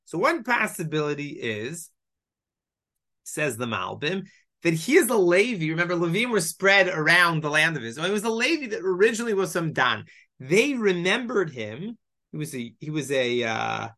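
A man teaching a Bible lesson, lively and explanatory, reading Hebrew verses and explaining them in English. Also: a little high, moderate pace. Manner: animated, mixes Hebrew quotes with English explanation. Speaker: Torah teacher.

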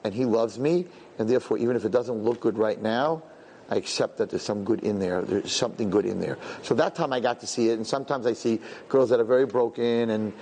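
A man teaching a religious lesson, telling personal stories in an animated, conversational way and acting out the dialogue. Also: lowish voice, a little fast, slight background noise.

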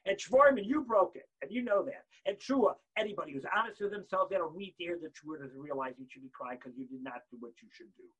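A man giving an impassioned sermon, swinging from shouts down to near-whispers and acting out the voices he quotes. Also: fairly high pitch, lively intonation, fast, hardly any pauses, husky, low-quality recording. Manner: acts out quoted voices and excuses.

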